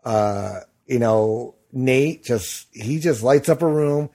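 Middle-aged male podcast host, husky, chatty and rambling with fillers. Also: medium pitch, slow, dark tone. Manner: rambling with many fillers and restarts. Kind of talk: casual chat.

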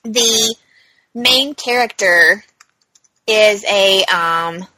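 A woman's voice: mid-range voice, drawn-out words, sharp tone, no room sound, low-quality recording. A woman co-hosting a podcast, talking casually and rambling about new TV shows, laughing easily. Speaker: podcast co-host. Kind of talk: casual TV chat.

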